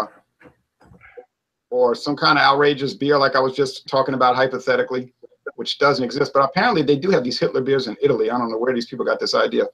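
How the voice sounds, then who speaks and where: In a casual debate chat, a man who reviews beer and hosts a show rambles through hypotheticals, often cutting himself off to restart sentences. He speaks at medium pitch with a sharp tone, and the audio is poor.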